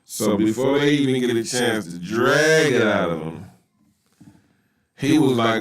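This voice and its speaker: A man's voice: lowish voice, animated, unhurried, vocal fry, far from the mic. A man hosts a casual reaction talk. He riffs in a loose, mocking way, full of street slang. The sound is roomy, as if he sits back from the microphone. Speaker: podcast host reacting to a video.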